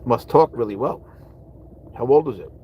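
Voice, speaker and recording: A man livestreams from his parked car, casually rambling in reply to viewers' comments and trailing off into mutters. He speaks at medium pitch with lively intonation and a moderate pace, and the recording is muffled, with slight background noise.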